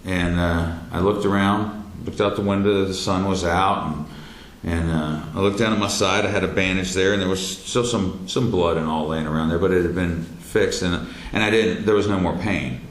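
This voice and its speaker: A man telling a personal story in a halting way, full of fillers and restarts, with loud quoted lines. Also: low-pitched, fairly even intonation. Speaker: speaker telling his near-death experience. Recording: roomy echo, faint background noise.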